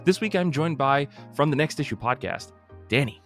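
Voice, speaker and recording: A man's voice: mid-range voice, expressive, moderate pace, faint music behind. A man hosting a casual podcast, with jokey, upbeat patter. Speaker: podcast host.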